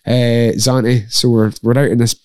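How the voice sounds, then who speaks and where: A man's voice: medium pitch, level tone, a little slow, darkish tone, dry recording. A Scottish man, a podcast guest who fights and coaches MMA, telling stories in a casual chat, laughing often and acting out the people in them. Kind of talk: casual chat, lively storytelling.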